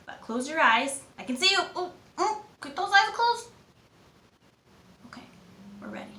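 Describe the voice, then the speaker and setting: Here a kids' movement and mindfulness teacher becomes Jane, a friendly, cheerful young adventurer, encouraging children with upbeat energy. Her exaggerated voice is bright, forceful, and on the high side. A little hiss or hum sits under the faint ambience of an echoey room.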